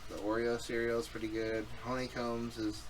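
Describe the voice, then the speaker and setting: A young man co-hosting a casual podcast, loud and profane, teasing his co-host and telling animated stories. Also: mid-range voice, normal speed, far from the mic, a little hiss or hum, poor audio.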